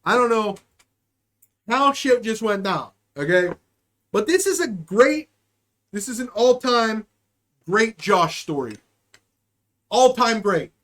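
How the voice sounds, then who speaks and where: A man hosting a live show, telling a story in a loose, profane way, speeding up and then drawing his words out. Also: high voice. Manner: animated, profane, swings between quick and drawn-out. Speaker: podcast host. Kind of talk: casual storytelling.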